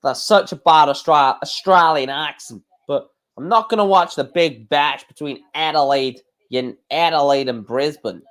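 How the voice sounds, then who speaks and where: A man's voice: a little high, moderate pace, few pauses, a bit bright. A young man hosting a casual live stream, chatting in a rambling way and often correcting himself.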